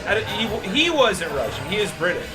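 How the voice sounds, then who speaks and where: High-voiced, excitable male stream host. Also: a little fast, over music. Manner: joking, rambling and excitable. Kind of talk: casual live-stream chat. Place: arcade.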